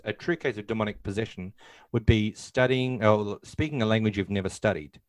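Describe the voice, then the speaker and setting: A man's voice: fairly low pitch, dry recording. A man co-hosting a casual film discussion, retelling scenes and acting out lines, with many fillers. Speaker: podcast co-host.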